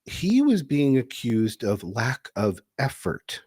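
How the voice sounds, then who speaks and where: A man who hosts a podcast and works as a couples therapist, telling a case story in a conversational, animated way. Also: mid-range voice, slow, slightly rough, no echo, clean studio sound. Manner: animated, laughing easily.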